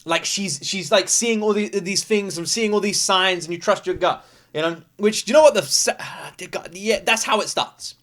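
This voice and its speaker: Young British male reaction host: excitable, chatty, laughs easily, bright and forceful tone. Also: high-pitched. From United Kingdom. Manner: excitable and chatty, quick to laugh, filler-heavy. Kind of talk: casual reaction commentary.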